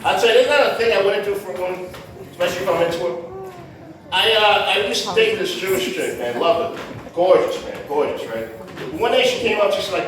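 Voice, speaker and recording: Brash high-voiced male stand-up comic. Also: expressive, fairly quick, fairly bright tone, a little hiss or hum. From Puerto Rican heritage. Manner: brash, conversational, lots of "man" and "right?". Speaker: stand-up comedian. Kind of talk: stand-up set. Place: comedy club stage with audience laughter. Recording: echoey club, heard from far off.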